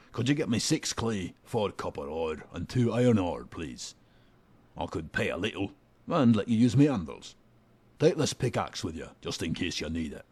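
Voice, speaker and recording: A foul-mouthed dwarf blacksmith with a deep, gravelly put-on voice, mocking and crude, as a man voices him for a game. He barks orders and sneers at the listener. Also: darkish tone. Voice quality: deeper put-on voice, not Scottish. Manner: rude, swearing, mocking. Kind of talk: fan voicing of a game character.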